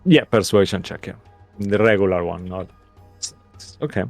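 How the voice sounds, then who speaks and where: Low-voiced man running a tabletop game. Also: lively intonation, normal speed, creaky, soft background music. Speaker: game master.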